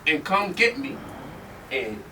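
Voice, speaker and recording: Animated high-voiced man telling stories. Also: takes it slowly. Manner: animated, joking, laughing through stories. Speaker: speaker. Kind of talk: storytelling lecture. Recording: distant mic with faint noise.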